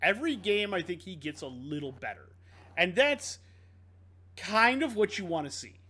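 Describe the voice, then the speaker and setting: A man's voice: sits high, moderate pace, slightly rough. A man co-hosting a casual sports podcast, reading off game stats. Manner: reads off game stats in a lively, rising-and-falling delivery. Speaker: podcast co-host.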